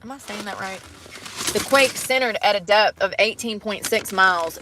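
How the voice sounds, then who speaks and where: A woman's voice: medium pitch, normal speed, background noise. A young adult woman hosting a casual livestream, reading news aloud and reacting with exclamations and nervous laughter. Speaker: livestream host.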